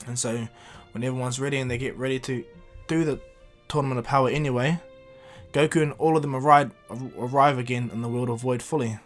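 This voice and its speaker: A man retells a cartoon story in a casual, rambling way, stumbling through fillers and restarts. His voice sits in an ordinary middle pitch. Faint music plays underneath. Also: steady tone, a little fast.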